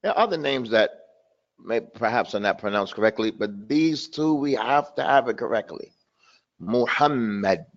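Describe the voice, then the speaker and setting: A man's voice: mid-range voice, animated, moderate pace, lo-fi sound. A man teaching an online language class, stressing and repeating words over and over to drill his students' pronunciation. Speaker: Arabic teacher.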